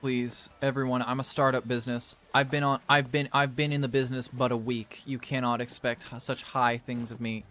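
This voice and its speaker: A man's voice: mid-range voice, little pitch movement, brisk, hardly any pauses, fairly bright tone. A man playing a game and commenting as he goes, theatrical and exasperated as he scolds the characters. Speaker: gaming video creator.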